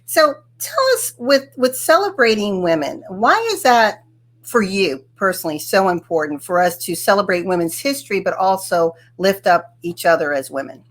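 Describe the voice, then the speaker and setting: A woman's voice: mid-range voice, animated, moderate pace. Woman host, friendly and encouraging, laughs a lot, interview chat. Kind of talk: casual interview.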